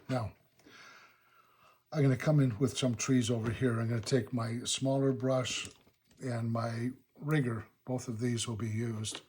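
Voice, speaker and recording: A man with a slightly husky voice demonstrates a watercolor painting in his studio. He talks in a relaxed, unhurried way, thinking aloud about each step as he works. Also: mid-range voice. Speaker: watercolor instructor.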